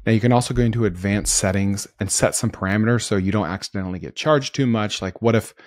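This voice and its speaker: An upbeat man narrates a screen-recorded tutorial, explaining each click as he makes it. His voice sits a little low. The sound is dry and close, with no room around it. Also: no echo. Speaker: host.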